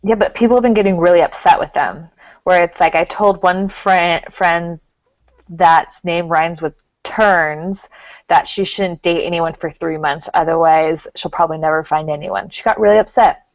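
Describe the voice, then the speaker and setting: On a relaxed talk show, the psychic co-host chats and giggles in a voice on the low side, speaking at a normal pace. The sound is dry and has a dull lo-fi quality.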